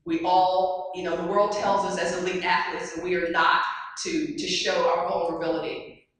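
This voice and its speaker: A woman's voice: lowish voice, moderate pace. A woman giving a motivational talk to a live audience, telling stories and asking the crowd questions. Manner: lively storyteller, asks the audience questions. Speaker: keynote speaker. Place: large hall. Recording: echoey hall from far off.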